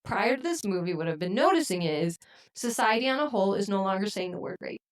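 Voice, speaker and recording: A woman co-hosting a podcast, talking in casual discussion and making her points in a measured, deliberate way. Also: mid-range voice, lively intonation, poor audio. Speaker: podcast co-host.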